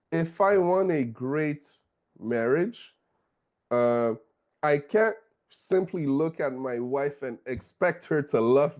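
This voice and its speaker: Man chatting in a relaxed podcast talk. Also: mid-range voice. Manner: conversational, frequent "okay?" and "you know", chuckles. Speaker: podcast host. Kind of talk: casual discussion.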